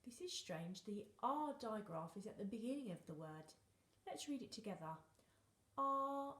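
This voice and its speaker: A woman's voice: medium pitch, sing-song, normal speed, echoey room. A young woman teaching phonics to young children, playful and encouraging, often dropping into whispers. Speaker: reception class teacher.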